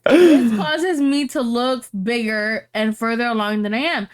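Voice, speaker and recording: A woman's voice: on the high side, unhurried, few pauses. A woman co-hosting a podcast, reading out online posts and reacting with brash, profane commentary. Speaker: podcast co-host.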